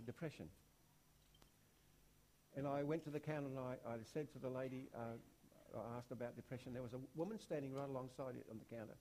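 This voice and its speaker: A man preaching a sermon, driving points home with repeated rhetorical questions and big swings from hushed to loud. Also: mid-range voice, slight background noise.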